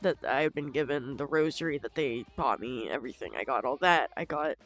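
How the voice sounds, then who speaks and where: A young woman telling her own story in an unscripted vlog, halting and emotional, with frequent swearing. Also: very deep voice, expressive, soft background music. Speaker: vlogger.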